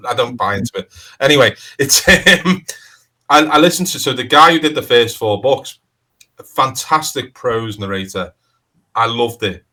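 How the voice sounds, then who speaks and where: A man's voice: medium pitch, animated, moderate pace, pushed and bright, rough recording. A man with a Liverpool accent talking in a casual interview as a crime author, rambling and restarting sentences with lots of "you know". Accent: Liverpool (Scouse). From Liverpool, England.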